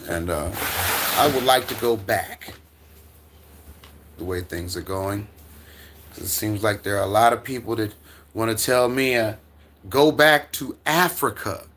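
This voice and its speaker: His voice runs a little low and a bit bright, and he speaks at a measured pace with frequent pauses. The middle-aged American is streaming casually from home with his dog, answering chat in a meandering way full of stammers, false starts and little laughs.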